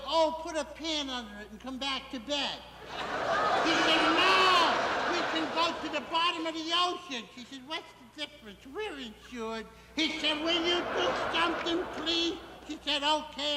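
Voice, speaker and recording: A man's voice: extremely high pitch, echoey room, big-room sound, heavy background noise. A man voicing a dim, cheerful man-child barfly who rambles through a goofy tall tale in a 1960s TV variety sketch. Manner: rambling, goofy punchline storytelling with wheezy giggles.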